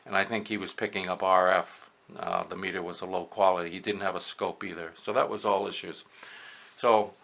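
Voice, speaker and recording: An older man, an amateur radio operator, casually talking through an equipment demonstration step by step, pausing often as he works. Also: on the low side, creaky, sharp tone. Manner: talks through each step as he works, with many pauses.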